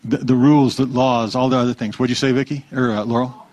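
A man preaching a conversational sermon, relaxed, asking the congregation questions and repeating their answers. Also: medium pitch, fast talker. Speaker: pastor.

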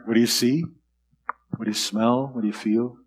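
A man's voice: mid-range voice, steady tone, moderate pace, slightly rough. A man leading an online Bible study, reading scripture aloud and asking the group reflective questions over a video call. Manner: guiding, asks reflective questions.

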